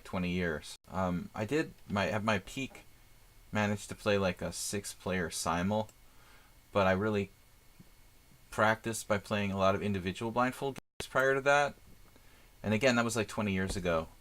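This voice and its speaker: A middle-aged man streams chess in a casual live chat, thinking aloud about his moves with lots of fillers. His voice is on the low side and a bit bright.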